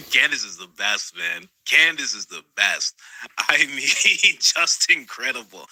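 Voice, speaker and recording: A man's voice: medium pitch, big pitch swings, slow pace, bright, forceful tone, husky, dry recording, rough recording. A man giving comedic commentary, mocking and laughing as he talks. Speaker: online commentator.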